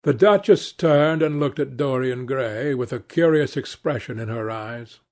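A man narrating a classic novel aloud in a measured, restrained reading. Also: medium pitch, darkish tone. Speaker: audiobook narrator.

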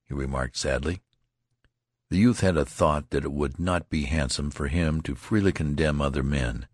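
A man reading a classic novel aloud as an audiobook narrator, in measured, even storytelling. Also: rumbling low, no echo, clean studio sound.

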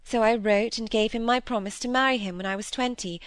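A woman's voice: on the high side, steady tone, brisk, no room sound, close to an everyday voice. A woman reading the part of a troubled young woman confessing her regrets to a friend, earnest and regretful. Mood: confiding. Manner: earnest, regretful, rising to indignation. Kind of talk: audiobook reading of dialogue.

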